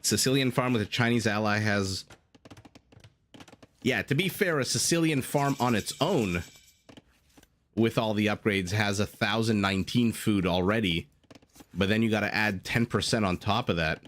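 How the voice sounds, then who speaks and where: A man casting a strategy game on a livestream. He talks in a chatty, joking way and answers his chat between calls of the play. His voice sits on the low side, with a little faint noise behind it. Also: moderate pace, pauses often, fairly bright tone. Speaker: game caster. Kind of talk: live esports commentary.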